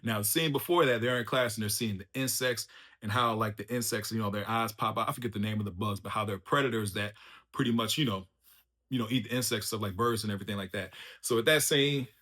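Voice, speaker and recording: A man giving a casual, unscripted show review as the host of his own channel, loose and animated, laughing often and calling the listener "bro" and "man". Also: fairly low pitch, quick pace. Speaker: YouTube reviewer.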